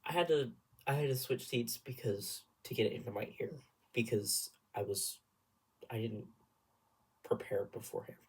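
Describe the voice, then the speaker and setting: A young man chatting in a casual vlog, telling a long, rambling story with animated asides and sudden dips into whispering. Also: medium pitch, normal speed, pauses often, breathy edge. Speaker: vlogger.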